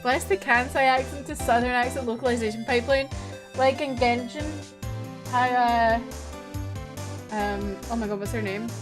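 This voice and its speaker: Giggly, high-voiced woman game streamer. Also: steady tone, moderate pace, pauses often. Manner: giggly, chatty. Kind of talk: casual gameplay commentary. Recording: game music playing behind.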